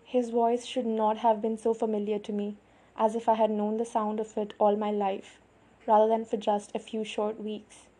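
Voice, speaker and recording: A woman reading a novel aloud in the first person, with even, measured storytelling. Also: mid-range voice. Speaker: audiobook narrator.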